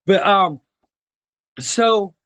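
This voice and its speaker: A man telling a wild story in casual chat, excitable and profane. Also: sits high, extremely slow. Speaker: podcast guest.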